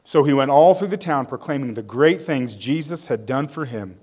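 A man's voice: medium pitch, expressive, normal speed, a little mellow, husky. A male pastor preaching a sermon. He reads scripture aloud, tells it as a story with casual asides, and leads a prayer.

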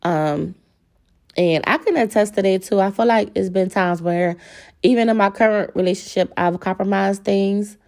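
A young woman talks straight to her listeners in a casual podcast monologue. She is blunt and profane and keeps calling out to "y'all" as she gets heated. Her pitch sits in an ordinary middle range for a woman. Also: moderate pace, a little mellow. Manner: candid, profane, worked up, addresses listeners as y'all. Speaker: podcast host.

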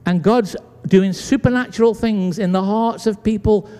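Pastor telling a story in a big hall. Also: male voice, high voice, normal speed, clear, resonant tone. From Britain. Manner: animated storyteller acting out dialogue. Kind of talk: sermon storytelling. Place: church sanctuary. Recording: long church hall reverb.

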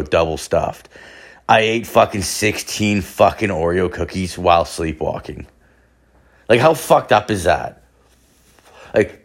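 Profane rambling young man, low voice. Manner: profane, rambling, stoner slang, frequent restarts. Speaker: storyteller. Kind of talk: casual rambling anecdote.

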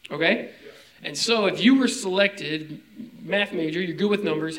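A young adult man gives a casual, conversational sermon, often stopping to check that his listeners follow. His voice sits a little higher than most men's. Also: normal speed, fairly bright tone, poor audio. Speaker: pastor.

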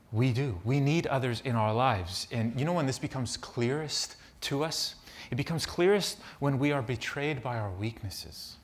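A man preaching a sermon, telling a personal story and turning it into earnest reflection. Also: medium pitch. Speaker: pastor.

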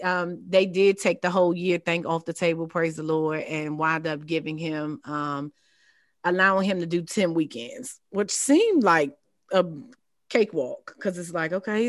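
Animated woman telling a personal story. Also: dry recording, studio quality. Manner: animated, laughing, leaps high in quoted lines. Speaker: podcast guest. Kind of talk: casual storytelling chat.

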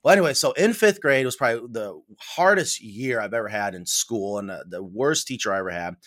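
A middle-aged man from New York State, a podcast guest telling stories in a casual, animated way and acting out the voices he quotes. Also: lowish voice, brisk. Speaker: podcast guest, coop builder. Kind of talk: casual storytelling interview.

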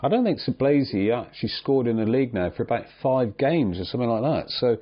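A man's voice: mid-range voice, a little fast. A man hosting a casual football predictions chat, steadily going through fixtures and asking his co-host's picks. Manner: steady, runs the fixtures list, asks questions. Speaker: host of football predictions show. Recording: slightly dull lo-fi sound.

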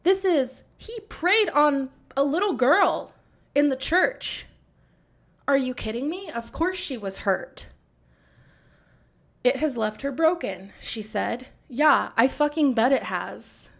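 A woman's voice: high-pitched, expressive, takes it slowly, gravelly. A young woman hosting a podcast, delivering an angry, sarcastic and profane monologue. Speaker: podcast host.

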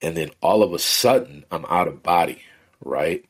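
Low husky-voiced man telling a story. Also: normal speed. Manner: relaxed, rambling storyteller with many fillers. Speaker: podcast guest. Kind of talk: casual conversational storytelling.

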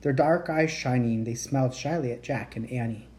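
A woman reading a children's chapter book aloud in a gentle, unhurried storytelling manner. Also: very deep voice. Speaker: reader.

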